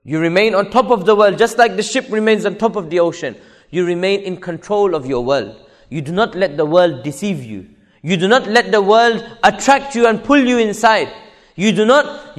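A man's voice: high voice, in a large hall. A man preaching a sermon to women, emphatic, repeating his key phrases for weight.

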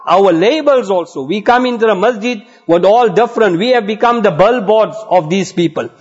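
A man's voice: high voice, normal speed, slightly rough. A man preaching a sermon to elders and friends, telling a story and exhorting earnestly. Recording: dull lo-fi recording.

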